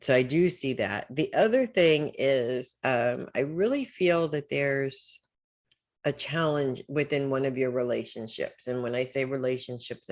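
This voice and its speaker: A woman's voice: extremely low pitch, darkish tone. A woman giving a weekly psychic reading as casual advice. She talks in a loose, reassuring way and keeps checking in with "okay?" and "right?". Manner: loose and informal, trails off with "blah, blah". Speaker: psychic reader.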